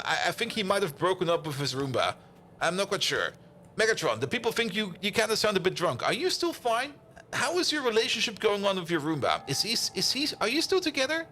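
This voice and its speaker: A man's voice: sits high, sharp tone, slight background noise. A man with a German accent chatting and laughing through a game stream. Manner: rambling, laughs often, talks to chat. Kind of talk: casual gaming commentary.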